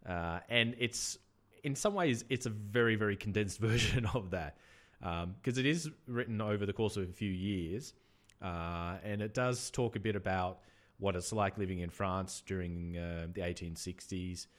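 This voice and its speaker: Man, Australian accent, very deep voice, podcast co-host, casual chat, hesitant, lots of ums. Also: normal speed. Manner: relaxed, hesitant with many ums.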